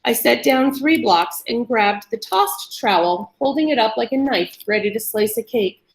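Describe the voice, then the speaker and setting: A woman reading a first-person story aloud to an audience in a calm, measured way. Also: on the high side. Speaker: story reader. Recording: roomy echo.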